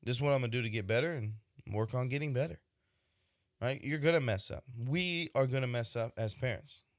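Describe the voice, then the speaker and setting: A man's voice: medium pitch, fairly quick, dry recording, clean studio sound. A young man hosting a podcast, talking through his thoughts in a casual, reflective monologue, often checking in with "right?". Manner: reflective, conversational, frequent "right?" asides. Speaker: podcast host, expecting father.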